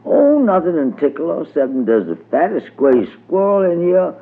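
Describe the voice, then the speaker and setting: A man doing a high, sly trickster rabbit. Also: very animated, moderate pace, slightly rough, full character voice. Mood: coaxing. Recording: tinny old radio recording.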